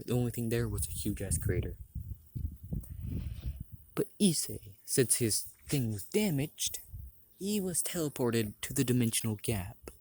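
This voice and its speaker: A man improvising a fan fiction story aloud, rambling, correcting himself and clearing his throat often. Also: medium pitch, warm tone.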